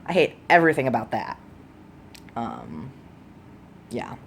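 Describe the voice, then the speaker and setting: A young trans man records a casual video diary at home. He talks candidly and rambles, with many ums and quick apologies. His voice sits in a middle pitch as it deepens on testosterone, and a faint hiss runs under it. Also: wildly swooping pitch, gravelly, a bit bright. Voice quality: voice deepening on testosterone, between high and low. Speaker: vlogger.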